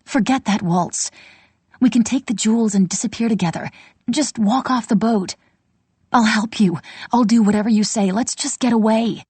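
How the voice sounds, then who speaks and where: A woman's voice: on the high side, moderate pace, darkish tone, breathy edge, dry recording, voice pushed up. A woman voicing Tess, an anxious young woman pleading urgently with her sister.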